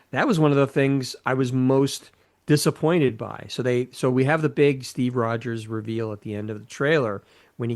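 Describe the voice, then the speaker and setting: A man in a relaxed conversation, speaking at a middle pitch. He talks in a hesitant, measured way and keeps restarting his thoughts before landing on a point. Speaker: podcast guest. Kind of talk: casual chat.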